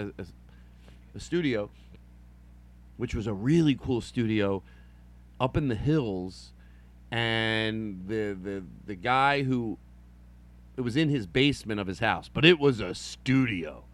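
A middle-aged male podcast host with a lively, bouncing voice that swings up and down. He rambles, makes fun of himself and drops into silly voices. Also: medium pitch. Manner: meandering, self-mocking, playful silly voices. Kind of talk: rambling improvised solo podcast.

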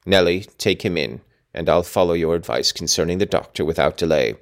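A man reading aloud, voicing a cruel, scornful middle-aged father in a low, curbed, menacing tone. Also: fairly quick.

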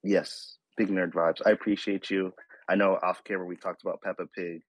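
A young man, a guest on an online talk show, telling a story in an excitable, animated way. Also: sits low, a little fast, no echo, low-quality recording. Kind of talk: casual chat.

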